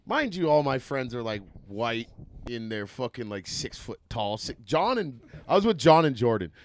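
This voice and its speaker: A young adult man telling profane stories in casual chat, laughing often and talking in an animated way. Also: mid-range voice, moderate pace, slight background noise.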